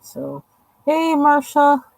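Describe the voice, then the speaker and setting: A woman's voice: high voice, very animated, extremely slow, vocal fry, a little mellow, no room sound, low-quality recording. A woman chatting casually and rambling with lots of fillers while she colors on a livestream. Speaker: livestream host.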